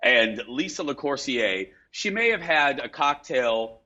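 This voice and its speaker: A man hosting a talk show, telling a casual story in a chatty, animated way. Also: mid-range voice, a little slow, dull audio. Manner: chatty storyteller, lively delivery. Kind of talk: casual studio banter.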